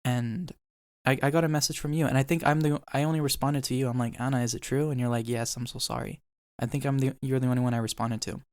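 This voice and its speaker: A young man tells a painful memory in casual podcast chat, quoting people and swearing as he goes. His voice is smooth and clear, with little rise and fall. The recording is dry and close. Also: mid-range voice, steady tone, fast, darkish tone, no room sound. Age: young adult. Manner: emotional storytelling, swears, quotes people. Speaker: podcast host.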